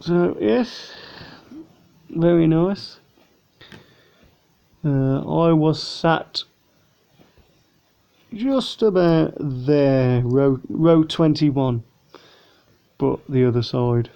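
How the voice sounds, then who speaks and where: A man talks his way through a casual model plane review, rambling and a bit weary. His voice sits slightly high, with a gravelly edge and a mellow tone. The recording sounds dull and lo-fi. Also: very slow, long pauses. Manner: rambling, chatty, tired. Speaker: vlogger.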